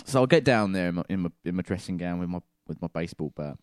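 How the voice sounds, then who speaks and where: Animated man spinning a comic yarn. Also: low voice, quick pace, smooth, no echo, studio quality. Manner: animated, stammering, telling a tall tale. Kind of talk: comic storytelling.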